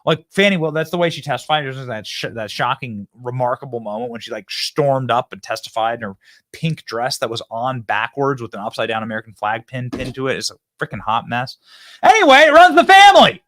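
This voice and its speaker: A man's voice: mid-range voice, a little fast, no room sound. A man hosting a political commentary show, talking in a casual, mocking way and laughing often. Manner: animated, sarcastic, laughs often. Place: studio.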